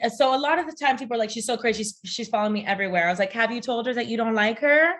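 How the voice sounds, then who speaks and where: A woman's voice: fairly high pitch, rapid-fire, hardly any pauses, fairly bright tone. A young adult woman telling a personal story as a podcast guest, blunt, profane and sarcastic. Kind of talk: candid casual conversation.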